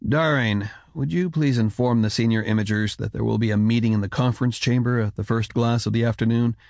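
A man doing a calm, careful scholar leader. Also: mid-range voice, a little fast, gravelly, no echo, close to an everyday voice. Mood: measured. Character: measured head of a scholarly order, man.

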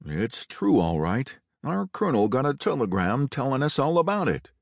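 A man's voice: mid-range voice, sing-song, moderate pace, gravelly, no echo, clean studio sound, pitched above the performer's own voice. A man playing an indignant coach driver. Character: protesting Union coach driver, grown man.

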